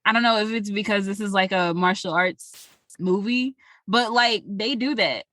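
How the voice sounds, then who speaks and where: A woman's voice: mid-range voice, normal speed, no echo. A woman co-hosting a podcast, retelling a movie in casual chat, acting out the characters' lines and swearing freely. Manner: animated storytelling with acted-out quotes and profanity. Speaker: podcast co-host.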